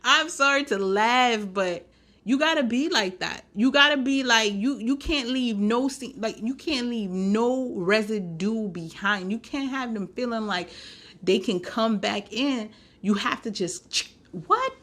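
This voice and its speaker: A young woman hosting a podcast, telling a story in a sassy, animated way with lots of slang and laughter. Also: on the high side, measured pace. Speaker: podcast host. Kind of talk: casual storytelling.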